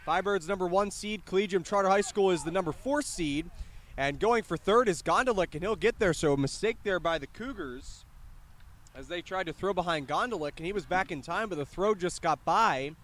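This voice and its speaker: A young man calling a high school baseball game play-by-play, lively on the big plays and chatty between pitches, outdoors at the field. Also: a little fast. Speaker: play-by-play announcer.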